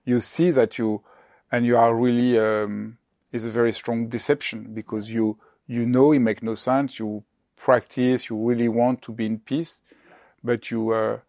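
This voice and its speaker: Man, interviewer, gravelly voice, dry close sound, halting phrasing. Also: medium pitch, little pitch movement, darkish tone, no room sound. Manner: halting, restarts sentences. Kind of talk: conversational questioning.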